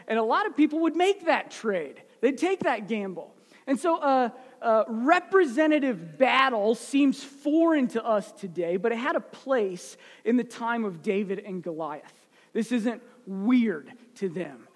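A man's voice: very high-pitched, sing-song, normal speed. A male preacher telling a Bible story in a conversational way, often asking the audience questions. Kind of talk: sermon storytelling. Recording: echoey hall.

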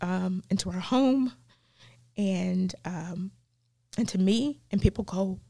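A woman with a Southern US accent, a guest teaching the Bible in an interview, earnest and animated with many ums and restarts. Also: medium pitch, slow, gravelly, dry recording. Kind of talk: faith podcast interview.

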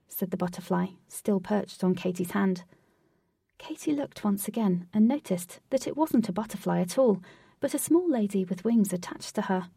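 Husky, gravelly woman narrating a storybook. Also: medium pitch, moderate pace, no room sound, studio quality, far from the mic. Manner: steady, even storytelling. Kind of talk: audiobook reading.

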